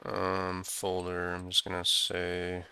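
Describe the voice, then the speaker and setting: A man with a deep, gravelly voice thinks aloud as he works through his code in a casual walkthrough. His tone is bright and smooth despite the gravel. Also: completely flat delivery, slow, no echo. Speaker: programmer screencasting code.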